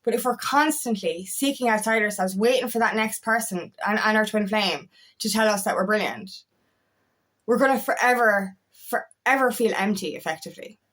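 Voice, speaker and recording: A woman's voice: medium pitch, normal speed, fairly bright tone. A woman in her thirties who is a life coach, talking frankly in a casual motivational monologue, swearing freely and often repeating her words. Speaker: feminine empowerment coach.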